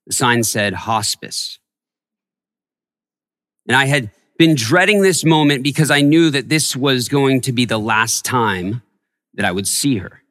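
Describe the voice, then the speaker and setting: Male pastor, sermon, slow storytelling delivery, long church reverb. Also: mid-range voice, animated. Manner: storytelling, softening to a hush in tender moments. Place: church sanctuary.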